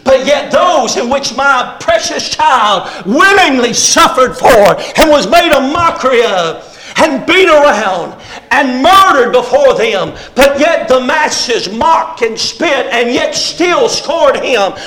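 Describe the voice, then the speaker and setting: A middle-aged man preaching a fervent sermon, rising to shouts on key phrases. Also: very high-pitched, animated, slow pace, rough recording. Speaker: pastor.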